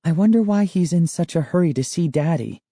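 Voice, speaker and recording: A man voicing a frightened young girl who speaks in high, breathless whispers in an audiobook. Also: animated, a little fast, mellow, no room sound, studio quality. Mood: puzzled.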